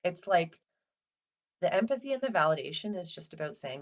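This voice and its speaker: Gentle conversational woman counsellor. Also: lowish voice, sing-song, a little fast. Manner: conversational, with frequent fillers like "like" and "um". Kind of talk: casual educational talk to parents.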